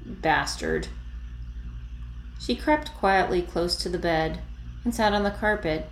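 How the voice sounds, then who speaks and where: A woman's voice: fairly low pitch, slow, a little hiss or hum. Woman reading a story aloud. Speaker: narrator. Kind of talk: fan fiction read aloud. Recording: echoey room.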